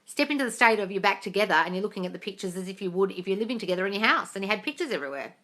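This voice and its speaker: A manifestation coach from Australia takes viewer questions on a live stream, reading each aloud and answering with breezy bluntness. Her medium-pitched, slightly bright voice is expressive and racing, and she calls people darling and swears offhandedly.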